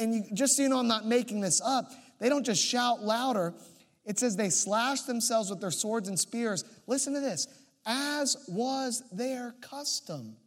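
A man with a fairly high voice preaching from the pulpit. He reads scripture aloud and then unpacks it with lively, emphatic delivery. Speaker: pastor. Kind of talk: sermon.

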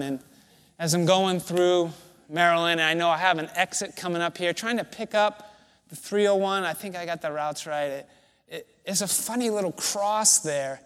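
A man's voice: on the high side, fairly bright tone, long reverb tail. A man preaching a sermon, telling a personal story in a conversational, self-deprecating way. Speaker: pastor.

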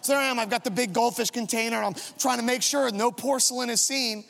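A high-voiced male pastor with a gravelly edge tells a self-mocking family story from the pulpit. His sermon carries a long reverb from a big hall. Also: fairly even intonation, fast talker, fairly bright tone.

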